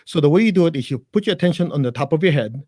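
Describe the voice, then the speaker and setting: In a live interview, a guest teaches meditation very fast, his slightly high, expressive and a little mellow voice joking and speaking plainly and bluntly to listeners. Afterward he guides them in a chant, all recorded dry with clean studio sound.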